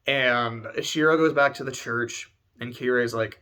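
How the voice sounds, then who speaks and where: A man's voice: mid-range voice, a little slow, hardly any pauses, bright, forceful tone, smooth. Casting: teary guy rambling, swears a lot, emotional talk. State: close to tears. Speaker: video essayist.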